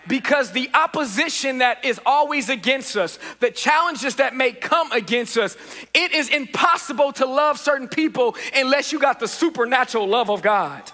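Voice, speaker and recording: High, bright-voiced preacher in a hall. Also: male voice, animated, moderate pace. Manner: preacher's call-and-response, repeated refrains. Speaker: pastor. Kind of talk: sermon. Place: church sanctuary. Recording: reverberant church hall.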